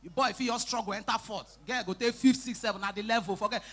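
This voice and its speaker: Woman, Nigerian Pidgin accent, stand-up comedian, bright tone, animated storytelling, loud acted quotes, live stage. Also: a little high, quick pace. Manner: animated storytelling, bursts into shouting and acted quotes, teases the crowd.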